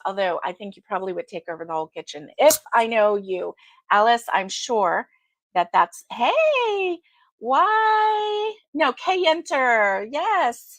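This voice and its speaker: A woman's voice: fairly high pitch, no echo. A woman hosting a casual live chat, greeting viewers by name and laughing often. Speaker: livestream host.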